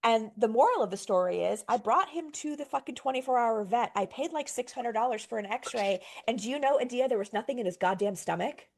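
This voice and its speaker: Animated, swearing woman telling a story. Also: fairly high pitch, fairly quick, hardly any pauses. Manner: animated, swears freely, acts out her own reactions. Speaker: podcast host, trauma therapist. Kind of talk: casual storytelling chat.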